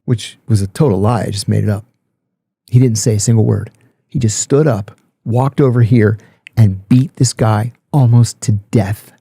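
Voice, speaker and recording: A middle-aged man, a podcast guest, telling a story in a blunt, animated way with some swearing. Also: lowish voice, normal speed, gravelly, breathy edge, dry recording, clean studio sound. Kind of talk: storytelling in casual chat.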